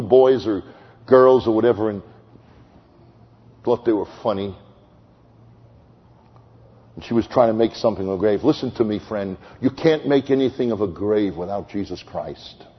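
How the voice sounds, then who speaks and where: A husky-voiced male evangelist preaches and tells stories, surging to loud, high exclamations and then dropping to hushed, slow tones. His voice carries a long reverb from a large hall. The recording sounds dull and lo-fi. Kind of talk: sermon with storytelling.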